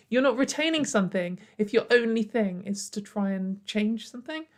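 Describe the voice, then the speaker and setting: A woman's voice: mid-range voice, lively intonation, moderate pace, a little mellow. Sarcastic woman ranting. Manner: sarcastic, exasperated, laughs often. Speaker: online commentator. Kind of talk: ranting commentary video.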